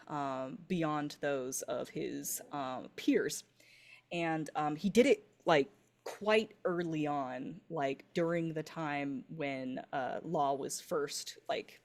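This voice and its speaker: A woman runs a tabletop game in a low, unhurried voice. She rambles along with lots of fillers as she tells the backstory. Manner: relaxed, rambling with many fillers. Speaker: game master.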